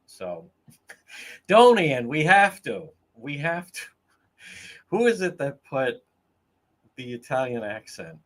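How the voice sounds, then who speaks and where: A man's voice: mid-range voice, slow, long pauses. New guy ranting on his livestream, swears a lot, laughs, voice jumps all over. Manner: profane, laughing, animated storytelling. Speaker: livestream host. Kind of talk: casual livestream commentary.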